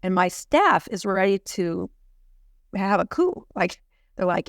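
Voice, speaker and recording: A middle-aged woman, a physician and podcast guest, telling stories in an animated way and laughing often. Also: mid-range voice, slow pace, no echo, studio quality. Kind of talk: storytelling in a podcast interview.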